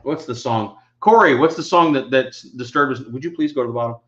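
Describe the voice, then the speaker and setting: Middle-aged male co-host, rambling and a bit tipsy, mid-pitched voice, dull lo-fi sound. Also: brisk. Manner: rambling storyteller, drinking. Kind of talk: casual chat.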